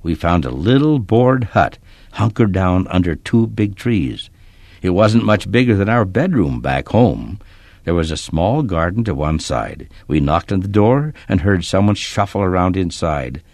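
A man narrating a children's story in a steady, expressive reading style. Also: sits low, a little slow, no room sound.

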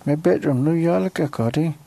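A man giving a halting personal testimony in short, fragmented phrases, often pausing on "eh". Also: fairly high pitch, gravelly, dark tone.

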